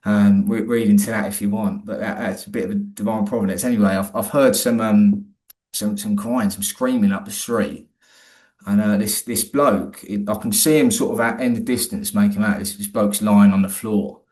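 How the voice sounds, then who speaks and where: A man's voice: fairly low pitch, steady tone, moderate pace, a little mellow. A man, a guest in an interview, telling a personal story in a rambling, colloquial way with many restarts.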